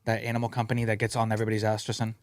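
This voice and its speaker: A man hosting a podcast in a studio, rambling through stories in a casual, profane, animated way. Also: on the low side, racing, no room sound. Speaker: podcast host.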